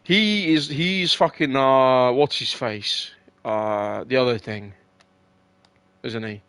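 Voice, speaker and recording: A man's voice: medium pitch, slow, fairly bright tone, clear, resonant tone, no echo. A young man hosting a casual chat, rambling and swearing, with lots of fillers and restarts.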